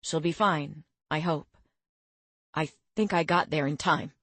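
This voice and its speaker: A woman's voice: low voice, a little slow, a bit bright, dry recording, heavily acted. A woman doing a protective teenage boy mage. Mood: worried.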